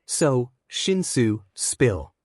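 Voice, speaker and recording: A man's voice: medium pitch, sing-song, drawn-out words, darkish tone, slightly rough, dry recording, studio quality, exaggerated voice. A man voicing an upbeat, friendly teenage boy who talks in an enthusiastic buddy tone while reading a story. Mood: hyped.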